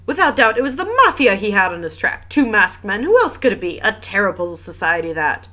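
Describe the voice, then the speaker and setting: A woman reading the part of an excitable young female French maid who speaks eagerly and dramatically. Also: on the low side, normal speed. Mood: dramatic.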